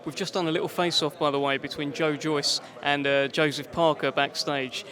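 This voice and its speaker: A man interviewing a boxing promoter after a fight, asking brisk, leading questions. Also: fairly high pitch, fairly even intonation, a bit bright.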